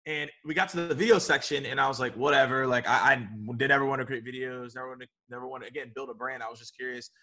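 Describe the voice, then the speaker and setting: Male interview guest, energetic and animated storyteller, bright tone. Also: mid-range voice, fast talker, few pauses. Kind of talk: conversational interview.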